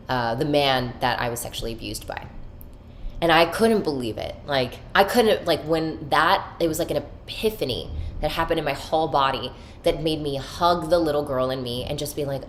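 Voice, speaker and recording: Woman with a low voice, emotional candid monologue, lots of swearing and spiritual talk. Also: normal speed, a little hiss or hum. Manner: raw, emotional, swears freely, spiritual self-help language. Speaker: podcast host.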